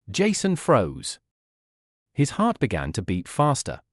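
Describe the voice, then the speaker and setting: Man, graded-reader narrator, clear measured delivery, lively intonation. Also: medium pitch, no room sound, clean studio sound. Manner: clear, measured reading for learners. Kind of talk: scripted storybook narration.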